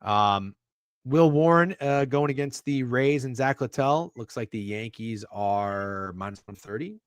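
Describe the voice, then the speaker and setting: Guy hosting a betting podcast over a video call, mid pitch, dry sound, lots of cursing. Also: measured pace, smooth, dry recording. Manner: animated, swearing, teasing. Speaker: podcast co-host. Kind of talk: casual sports betting chat.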